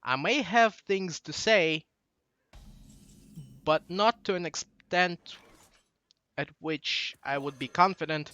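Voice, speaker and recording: A man's voice: on the high side, bright, forceful tone. A young man in his late teens with a Russian accent, rambling through a casual monologue that drifts off track. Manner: digressive, loses his train of thought. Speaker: channel host.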